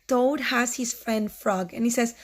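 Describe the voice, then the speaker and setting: A woman's voice: a little high, a little slow. A woman teaching first grade, reading a storybook aloud and stopping to explain it and ask the children questions.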